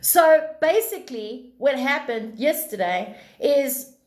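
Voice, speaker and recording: A woman, hosting a live stream with casual spiritual chat, animated and blunt and swearing freely. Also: high-pitched, takes it slowly. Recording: echoey room.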